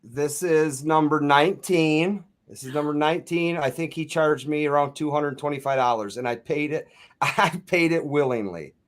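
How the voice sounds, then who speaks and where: A man's voice: on the high side, moderate pace. A man hosting a casual livestream about coin collecting, laid-back and joking, with the odd swear word. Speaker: host of a coin collecting channel.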